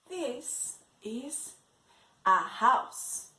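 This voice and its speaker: A woman teaching English to young children in an online lesson, slowly repeating words for them to copy. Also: high-pitched, very animated, fairly bright tone. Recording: echoey room.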